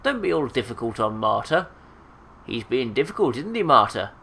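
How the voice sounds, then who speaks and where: A man's voice: medium pitch, big pitch swings, normal speed, gravelly, sharp tone, a little hiss or hum, heavily acted. A man voicing a sour old female corpse-robbing seamstress who mumbles to herself in a sing-song voice. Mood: muttering. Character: shrieking old female ghoulish seamstress, muttering.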